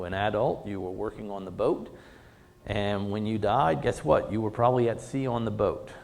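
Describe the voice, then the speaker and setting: A man's voice: medium pitch, gravelly, long reverb tail, a little hiss or hum. A man teaching a theatre class in a conversational lecture, full of "you know" fillers and paraphrased quotes. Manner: paraphrases characters in quoted speech. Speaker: theatre instructor.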